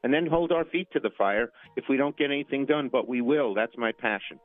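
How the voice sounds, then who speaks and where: A man's voice: medium pitch, fairly quick, dry recording. A male politician urgently pleads with his listeners in a played clip. The recording is dry and band-limited, sounding close to a phone line.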